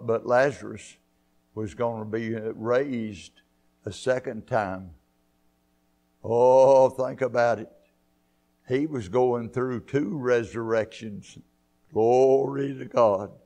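A man preaching a church sermon, fervent, rising to loud high peaks and throwing in hallelujahs. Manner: punctuates with hallelujahs and amens. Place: church sanctuary.

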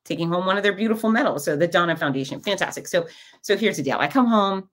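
A middle-aged woman with a low-pitched voice hosts her own podcast. She tells stories in a relaxed, chatty monologue and often acts out the lines of the people in them. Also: fast talker. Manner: chatty storytelling with lively quoted asides. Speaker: podcast host. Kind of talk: casual monologue.

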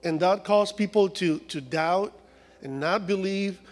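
Mexican-accented preacher with a high voice. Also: male voice, measured pace, in a large hall. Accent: Mexican Spanish. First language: Spanish. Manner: humorous, acts out voices of complaining people. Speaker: guest preacher. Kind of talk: sermon. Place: church sanctuary.

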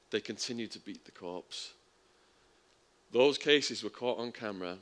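A middle-aged Englishman with a fairly low voice tells a gripping story to an audience. He acts out the voices of the people in it, with sudden jumps in pitch and loudness. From England. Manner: vivid storytelling, acting out the quoted voices with big jumps in pitch and volume. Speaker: speaker at a public talk. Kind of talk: storytelling talk.

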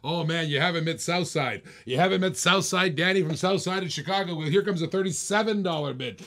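A man's voice: on the high side, fairly quick, a bit bright. Hyped-up auctioneer man, teasing bidders. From Australia. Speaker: live auctioneer host. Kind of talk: live-stream auction commentary.

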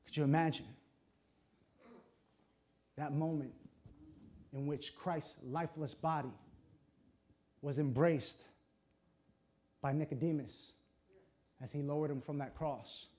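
High-voiced impassioned male preacher. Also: steady tone. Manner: impassioned, swinging between hushed and loud; dramatic pauses, short emphatic phrases. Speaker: pastor. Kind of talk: sermon.

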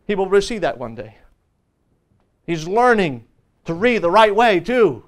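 A man's voice: high-pitched, big pitch swings, unhurried, pauses often. A male pastor teaching a Sunday school lesson in a church, preaching fervently and repeating lines for emphasis.

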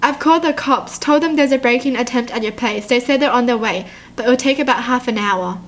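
A woman's voice: on the high side, a little fast, lightly acted. A woman reading the urgent, reassuring text messages of a worried young man.

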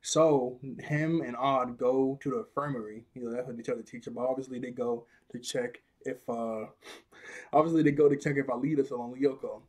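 A man's voice: medium pitch, fairly quick. Laughing young man recapping a cartoon. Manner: animated, slangy, laughs often while retelling scenes. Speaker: cartoon episode reviewer. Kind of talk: casual recap and commentary.

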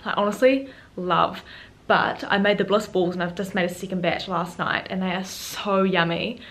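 A woman's voice: fairly low pitch, fairly even intonation, a bit bright. Chatty teenage girl vlogging. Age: teens. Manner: chatty and quick, turning earnest and upset. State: close to tears. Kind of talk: casual day-in-the-life vlog and rant.

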